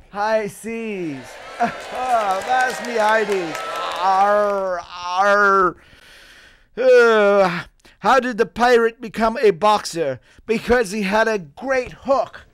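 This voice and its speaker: A man's voice: high voice, noisy background. A man playing a jolly, bawdy pirate captain who cracks puns and chuckles at his own jokes with piratey growls. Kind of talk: stand-up pirate character act.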